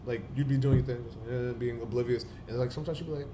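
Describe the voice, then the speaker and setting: A man's voice: mid-range voice, steady tone, fast talker. A man bantering on a podcast, joking and laughing often. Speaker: podcast co-host. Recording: echoey room with noise.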